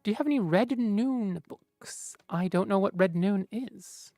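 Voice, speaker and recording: A woman's voice: mid-range voice, measured pace, dark tone, no echo, faint music behind. A woman streamer chatting casually with viewers, rambling and mumbling to herself with lots of fillers.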